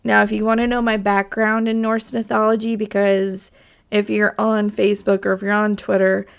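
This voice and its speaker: A woman's voice: medium pitch, level tone, normal speed, gravelly, clean tone. A woman hosting her own podcast, talking in a rambling, chatty way, her voice scratchy from allergies. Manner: rambling, chatty, with many fillers. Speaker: podcast host. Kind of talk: casual solo podcast chat.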